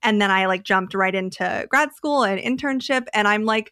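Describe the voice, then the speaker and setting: A woman therapist co-hosts a casual podcast. She talks loosely with plenty of fillers and voices her sudden realizations with excitement. Her voice is mid-pitched and dry, with no room sound. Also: normal speed, dry recording. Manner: chatty, lots of likes, excited realizations.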